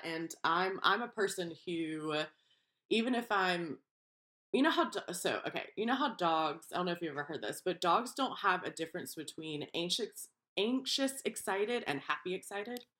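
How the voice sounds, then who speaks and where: Lower-pitched woman co-host, chatty and animated, acts out voices. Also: normal speed. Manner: animated storyteller, acts out quoted voices, laughs often. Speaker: podcast co-host. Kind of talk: casual chat.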